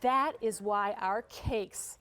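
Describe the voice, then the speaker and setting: A woman presenting her bakery's cakes on live television, speaking warmly and nostalgically about family baking. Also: medium pitch, slow, a little hiss or hum. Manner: warm, nostalgic, folksy. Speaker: bakery company guest presenter. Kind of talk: live TV sales pitch.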